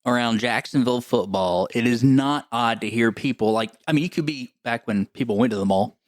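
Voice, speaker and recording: A man co-hosting a podcast, telling stories in a joking, animated way as casual chat. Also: mid-range voice, fairly quick, dry recording, studio quality. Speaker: podcast co-host.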